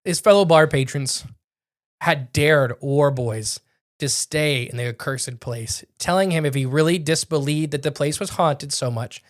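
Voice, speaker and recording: A man's voice: on the high side, measured pace. A young man co-hosting a podcast, casually narrating a spooky tale with frequent restarts and self-corrections. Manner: rambling, self-correcting storyteller. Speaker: podcast co-host narrating a story. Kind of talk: casual storytelling chat.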